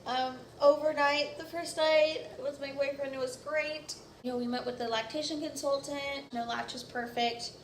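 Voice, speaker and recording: A woman's voice: sits high, fairly even intonation, moderate pace, few pauses, a little hiss or hum. A young woman vlogger casually telling a personal story, chatty and full of "like" fillers. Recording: echoey room.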